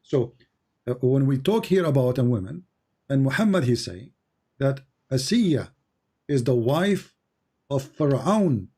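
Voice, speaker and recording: A man's voice: mid-range voice, animated, measured pace, long pauses, dark tone, slightly rough. A man from the Middle East, a native Arabic speaker, arguing insistently on a call-in debate show and repeating his points with rising emphasis. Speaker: Christian apologist debating a caller.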